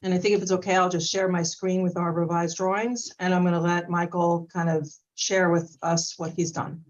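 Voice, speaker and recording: A polite woman represents an applicant in a businesslike manner. Her low, even voice comes over a dull remote call line. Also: moderate pace. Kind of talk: meeting presentation.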